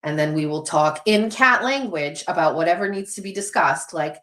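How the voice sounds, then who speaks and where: A woman's voice: on the low side, moderate pace, fairly bright tone. A middle-aged woman hosting a livestream, chatting candidly, swearing freely and reading viewer comments aloud. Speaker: livestream host. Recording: roomy echo.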